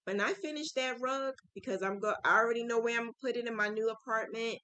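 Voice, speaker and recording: A woman chatting to her viewers about crochet, chatty and excitable, often saying "like" and "oh my God". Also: fairly high pitch, quick pace, clear, resonant tone, no room sound, rough recording. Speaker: crochet vlogger. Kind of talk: casual chat to viewers.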